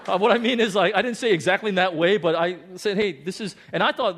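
A pastor telling a story from his own ministry during a sermon, animated and self-deprecating, often restarting his sentences. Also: high-pitched, quick pace, few pauses.

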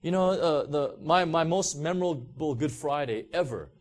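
Male preacher, slightly higher pitch, chatty sermon delivery with lots of fillers. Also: animated, normal speed. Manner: conversational, heavy use of "you know" and restarts. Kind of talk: sermon with personal testimony.

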